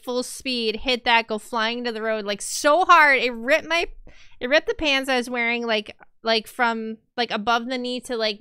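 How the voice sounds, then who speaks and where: A young woman chats casually on a live stream, laughing easily and greeting viewers as they arrive. Her voice is bright, smooth and a little high. It is recorded close up in a dry home room. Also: no echo. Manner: chatty, laughs often, greets viewers warmly. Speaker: VTuber streamer.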